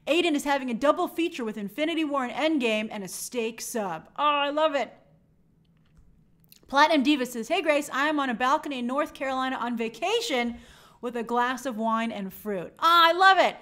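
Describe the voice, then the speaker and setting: A woman's voice: high-pitched, a little fast, a bit bright. A young woman hosting a movie live stream, chatting upbeat and reading out viewer comments.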